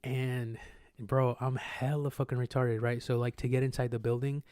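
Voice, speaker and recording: Young man, casual storytelling, slangy, profane, acts out sounds, mid-pitched voice, dry close podcast sound. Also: little pitch movement, normal speed, a little mellow, dry recording.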